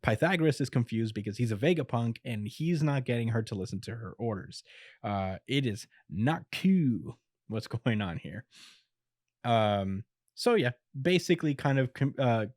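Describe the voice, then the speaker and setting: This podcast host, a man, recaps an episode in a laid-back way, chuckling often and leaning on filler words. His medium-pitched voice is expressive and darkish at a normal speed, recorded dry on a podcast mic at studio quality.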